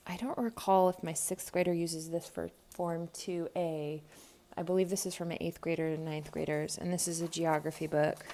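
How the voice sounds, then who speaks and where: A woman in her thirties, a homeschool vlogger, chatting casually at home as she thinks aloud with frequent ums. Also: sits low. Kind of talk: casual unboxing narration. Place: home, by a table with a tripod camera. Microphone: camera mic on a tripod.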